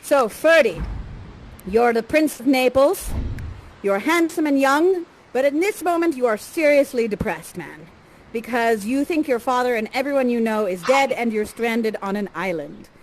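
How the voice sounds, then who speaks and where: A woman's voice: a little high, lively intonation, normal speed, slight background noise, low-quality recording. Playful woman guiding the players. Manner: playful, chatty and encouraging. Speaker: actor guiding players as Prospero. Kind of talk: improvised interactive theatre.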